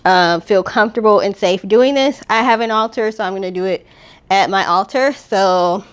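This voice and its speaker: Speaking with a clean tone at a middle pitch, a woman leads viewers through a spiritual healing ritual one step at a time. Her everyday speech is relaxed, gently instructive and unhurried, and she delivers her affirmations slowly and with deliberation.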